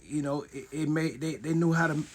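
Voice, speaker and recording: A man answering in an interview in a measured, thoughtful way with pauses. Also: on the high side. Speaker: group member being interviewed. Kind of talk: casual interview talk.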